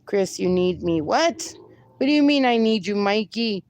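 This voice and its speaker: A woman's voice: medium pitch, lively intonation, moderate pace, darkish tone. A woman livestreaming, reading viewer comments aloud and bantering with them, laughing often. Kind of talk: casual live-stream chat.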